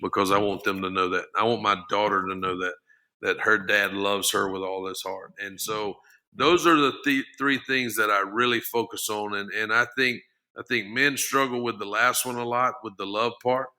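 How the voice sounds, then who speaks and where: A man's voice: lowish voice, fairly even intonation, normal speed, sharp tone. A middle-aged man, a former football lineman, talking earnestly as a podcast guest, often restarting and repeating his words. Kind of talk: casual interview talk.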